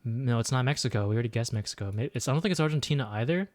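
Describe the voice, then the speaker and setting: A man talks through a geography guessing game at his own pace, half muttering his guesses. He is quick to knock his own play. His voice sits mid-range and sounds dry and close, with no room around it. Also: mid-range voice, animated, a little mellow, no room sound. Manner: thinks aloud, mutters guesses, self-deprecating. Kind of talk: casual gameplay commentary.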